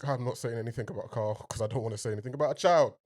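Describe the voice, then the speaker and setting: A man's voice: medium pitch, rapid-fire, over loud music. A man hosting a TV reaction video, talking expressively to his viewers, laughing and trailing off as he reacts. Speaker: TV reaction host. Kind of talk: emotional reaction commentary.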